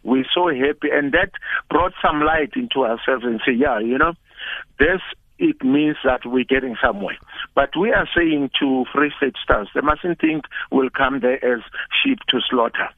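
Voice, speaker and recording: An older man with a South African accent, a former football coach speaking as a guest over the phone in a relaxed, chatty way. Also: medium pitch, moderate pace, no room sound. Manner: relaxed, chatty, repeats words when starting. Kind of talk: phone interview. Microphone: telephone. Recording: tinny phone line.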